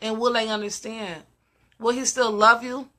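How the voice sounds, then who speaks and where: Emphatic woman with a bright, ringing voice. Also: a little high, level tone, moderate pace. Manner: emphatic, repeats questions. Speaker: host of a live discussion. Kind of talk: casual live-stream talk.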